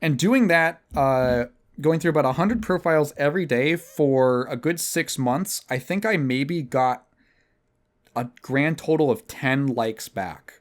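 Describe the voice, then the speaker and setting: A man's voice: a little high, lively intonation, unhurried. A young man hosting a podcast, telling a rambling, profane, self-mocking story in casual chat. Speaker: podcast host.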